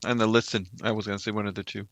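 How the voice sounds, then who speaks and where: A man with a bright, forward voice, speaking quietly and hesitantly at a tabletop game. The sound is dry and close. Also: fairly low pitch, little pitch movement, rapid-fire, no echo. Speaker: player. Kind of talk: casual tabletop role-play.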